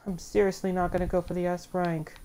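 A woman with a fairly low voice gives casual let's play commentary. She grumbles in exasperation at the game and breaks into sudden outbursts now and then. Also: little pitch movement, fast talker, dark tone, clean tone.

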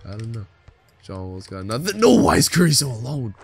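A young man giving casual, profane commentary while playing a basketball video game with a friend, trash-talking and yelling on big plays. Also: mid-range voice, big pitch swings, brisk, crowd noise. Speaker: gamer.

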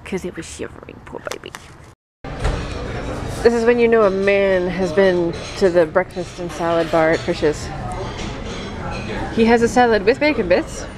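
A woman's voice: medium pitch, normal speed, crowd noise. A woman, a mother vlogging her family at home and out, playful and teasing, often laughing. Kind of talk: casual family vlog. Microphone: handheld camera. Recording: noisy home camera audio.

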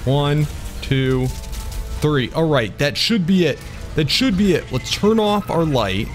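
A man giving excitable let's-play commentary over a game, often yelping and exclaiming. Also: a little high, takes it slowly, faint music behind. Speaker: gaming YouTuber.

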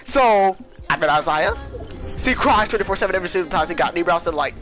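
Animated high-voiced teen guy ranting. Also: fast, over music. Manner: animated storytelling, loud ranting bursts. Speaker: channel host. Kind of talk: casual chat. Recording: noisy home recording.

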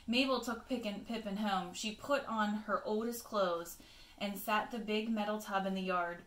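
A woman teacher reading a picture book aloud to children, expressive, with chatty asides to her pupils. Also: medium pitch, moderate pace, reverberant.

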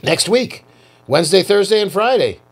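A man's voice: sits high, very animated, normal speed, creaky, slightly rough. An older man co-hosting a podcast, chatting casually and slipping in dry quips. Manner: dry wisecracks, short agreeing replies. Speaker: podcast co-host. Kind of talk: casual chat.

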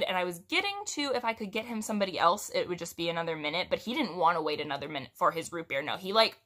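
A woman's voice: fairly low pitch, expressive, fast, few pauses, bright, forceful tone. A young woman telling a casual story to her viewers, chatty and rambling, with giggles and restarts. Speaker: storytime vlogger.

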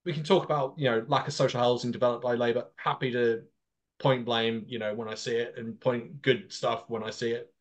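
A man's voice: mid-range voice, brisk. A man, a podcast host telling a long story in a casual political discussion. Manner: animated storytelling, long run-on turns.

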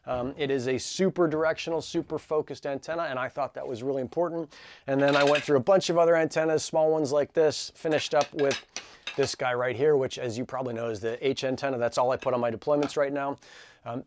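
A man talks casually to the camera, relaxed and chatty, with plenty of filler words. His pitch sits in the middle of the range. The sound is dry and close, with little room echo. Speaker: helium hotspot consultant. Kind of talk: casual vlog talk to camera.

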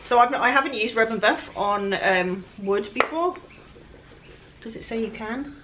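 Painting furniture outside where flies buzz around, a furniture flipper with a Welsh accent and a slightly high voice talks casually to her viewers at a normal pace, poking fun at herself. Her DIY vlog narration has background noise behind it.

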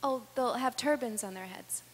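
A woman's voice: on the high side, normal speed, close to an everyday voice. A woman voicing a small, earnest seven-year-old boy who insistently repeats himself. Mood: matter-of-fact. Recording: reverberant hall with faint hum.

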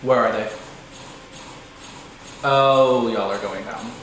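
A man's voice: takes it slowly, fairly bright tone, very echoey, a little hiss or hum, rough recording. A man giving a casual, self-mocking commentary on a video game he is playing. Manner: playful, self-mocking, sudden high-pitched squeals.

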